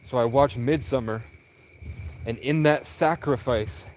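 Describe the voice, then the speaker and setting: A man's voice: medium pitch, slight background noise. A young man on a livestream, telling a long rambling personal story and acting out the dialogue. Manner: animated, quoting others in quick dialogue.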